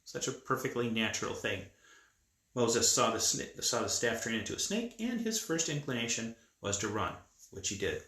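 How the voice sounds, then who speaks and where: A man telling a Bible story to children in a lively, conversational way. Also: mid-range voice, normal speed. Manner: lively, conversational, with acted voices. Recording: echoey room.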